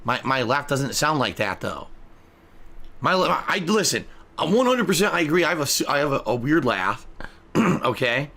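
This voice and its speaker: A man's voice: on the high side, sing-song, moderate pace, creaky, bright, forceful tone. A male streamer ranting in indignant, profane commentary to his chat.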